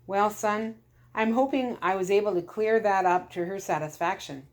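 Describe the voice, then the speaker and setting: A woman voicing a kind, relieved father who is a doctor, speaking gently. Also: mid-range voice, normal speed, natural voice. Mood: tender.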